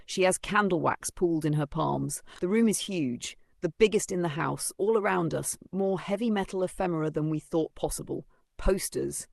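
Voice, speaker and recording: A man's voice: fairly high pitch, creaky, dry recording. A man narrating a first-person novel in a dry, sardonic storytelling manner. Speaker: audiobook narrator.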